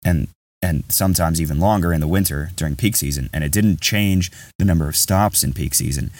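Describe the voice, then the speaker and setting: Deep-voiced male podcast host, candid and rambling, sitting a little back from the mic. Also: a little fast, darkish tone, no echo, recorded from a distance. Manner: rambling, candid, says "bro" a lot. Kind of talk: casual podcast storytelling.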